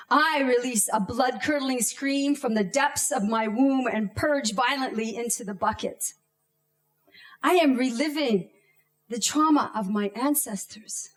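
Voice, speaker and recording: A woman in her thirties tells a personal story with a slow, deliberate pace. Her voice sits fairly high, and she leans into dramatic pauses and acted-out cries. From Canada.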